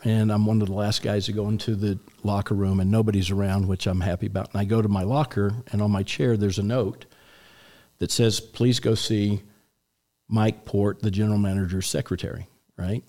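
Man in his sixties, low voice, relaxed storytelling, radio guest. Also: fairly quick. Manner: relaxed anecdotal storytelling with restarts.

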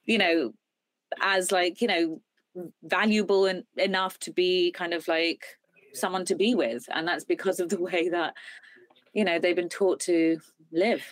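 A woman's voice: fairly low pitch, fairly even intonation, a little slow, dry recording. A woman guest on a podcast, talking thoughtfully in casual chat with many fillers like "like" and "you know". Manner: filler-heavy, thoughtful, lots of "like".

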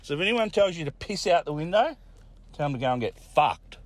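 A man's voice: a little high, animated, brisk, no room sound. Australian man telling a crude yarn. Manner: crude, laughing, heavy swearing. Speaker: caller sending in a story. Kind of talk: casual storytelling.

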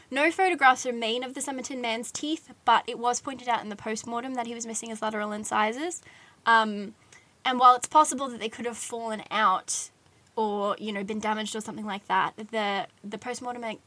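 A woman's voice: on the high side, brisk, bright, forceful tone. A young woman, casually telling a true-crime story on a podcast, chatty with lots of "like"s and giggly asides. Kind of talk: casual chat.

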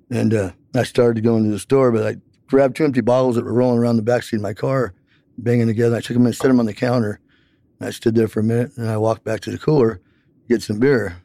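A man's voice: mid-range voice, fairly even intonation, fast talker, dark tone, dry recording. A man telling a long personal account in an interview, rambling with many fillers.

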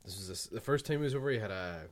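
A man's voice: lowish voice, expressive, racing. A young man telling a rambling, swear-filled anecdote in casual chat.

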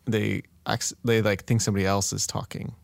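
A man's voice: lowish voice, brisk, creaky, dry recording. Man, podcast co-host, casual chat, hesitant, dry close mic. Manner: relaxed, hesitant, reads facts off a phone.

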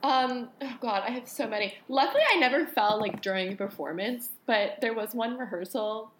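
A young woman with a fairly high voice chats on a podcast and tells her stories with lively, animated energy. She fills her speech with "like". Faint noise sits under her voice. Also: normal speed, poor audio. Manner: animated storyteller, heavy use of "like". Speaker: podcast co-host and ballet dancer. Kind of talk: casual podcast chat.

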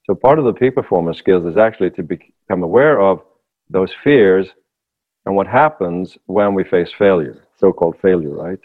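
A man talking as a voice coach in a podcast conversation, explaining with animated, lively demonstrations. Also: low voice, normal speed, phone-quality sound.

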